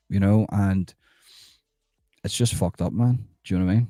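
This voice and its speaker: A man's voice: low voice, moderate pace, pauses often, mellow, no echo, clean studio sound. A middle-aged man, rambling and swearing as he hosts a live stream and retells conversations.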